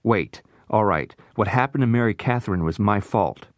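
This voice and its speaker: A man's voice: moderate pace, a little mellow, no room sound, clean studio sound. A man reading aloud voices a trapped man who begs and panics in a raised, strained voice. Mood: desperate. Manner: panicked, begging, higher pitched. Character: terrified trapped man, arrogant turned pleading.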